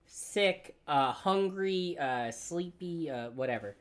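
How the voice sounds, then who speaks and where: A man's voice: on the high side, animated, brisk. A man leads a loose, casual conversation as host. He rambles and circles back, restarting sentences as he works out his point. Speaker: podcast host. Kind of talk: casual chat.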